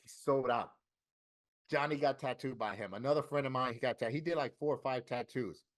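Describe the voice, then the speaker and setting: A man from Florida telling a story in casual interview talk, animated and profane, acting out what other people said. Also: mid-range voice, brisk. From Florida, USA. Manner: animated, profane, acts out quoted voices. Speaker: interview guest, tattoo artist.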